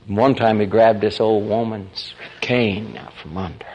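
A man preaching in a folksy, animated storytelling style, acting out the quotes of the people in his stories. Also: on the low side, moderate pace, hardly any pauses, husky, lo-fi sound. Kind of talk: storytelling sermon.

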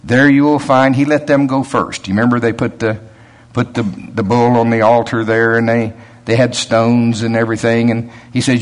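A man's voice: medium pitch, flat delivery, normal speed. A man preaching a sermon in a conversational way, rising to emphatic peaks and chuckling between points.

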